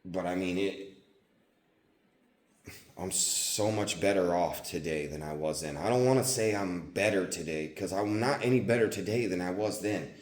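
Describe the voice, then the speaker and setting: A young man talks casually and profanely, rambling through a personal confession and dropping "dude" into almost every line. His voice sits on the low side. The sound is roomy, with the echo of a gym. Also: moderate pace, a little mellow. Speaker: fitness vlogger. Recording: echoey gym room.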